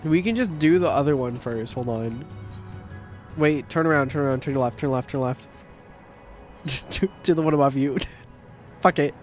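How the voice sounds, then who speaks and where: A man in his thirties chatting casually on a game livestream, rambling and swearing, with sudden loud outbursts. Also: medium pitch, faint music behind. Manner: profane, rambling, quick bursts of shouting. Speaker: streamer. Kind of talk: casual livestream chat while gaming.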